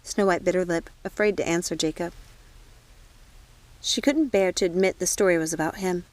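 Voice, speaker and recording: Woman reading an audiobook, measured. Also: on the low side. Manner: even, measured storytelling. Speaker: audiobook reader. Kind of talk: audiobook narration.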